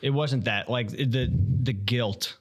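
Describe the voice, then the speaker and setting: A man's voice: mid-range voice, slow pace, highs cut off. A man co-hosting a podcast, chatting casually with dry, joking asides. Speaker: podcast co-host, tech worker. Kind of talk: casual chat.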